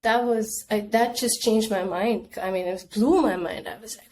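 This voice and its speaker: A woman's voice: a little high, slow, crowd noise. A young woman guest on a podcast, talking things through in a casual, reflective way and acting out her own inner voice. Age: young adult. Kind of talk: casual conversation.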